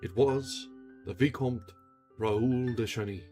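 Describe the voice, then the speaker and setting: A man reading a classic novel aloud on a livestream, steady narration with casual asides. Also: medium pitch, slow pace, faint music behind. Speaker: audiobook reader on a livestream.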